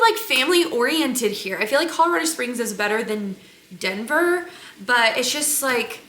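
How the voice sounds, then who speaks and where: Young mom chatting away about a trip, bright tense voice, kinda pitched up, echoey room. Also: female voice. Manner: chatty, animated, lots of "like". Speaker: family vlogger. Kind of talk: casual storytelling chat. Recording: echoey room, faint noise.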